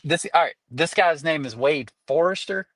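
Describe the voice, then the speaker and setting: A man's voice: fairly high pitch, normal speed, a bit bright, no room sound. A young man with a Southern American accent, co-hosting a casual podcast, asking curious questions that he often stops and restarts. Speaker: podcast co-host.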